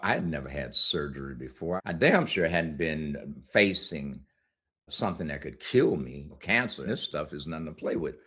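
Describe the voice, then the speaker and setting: Deep-voiced middle-aged guy telling his story on an interview, candid, laughs a lot, chatty. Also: expressive, normal speed, a bit bright, slightly rough. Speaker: guest.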